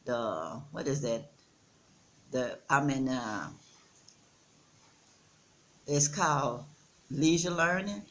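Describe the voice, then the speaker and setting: Texan woman, 60s, unhurried earnest vlogger, faint background hiss. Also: a bass voice, animated. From Texas. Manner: slow, earnest, addresses viewers as y'all. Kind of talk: casual chat. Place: outdoors in the Gambia.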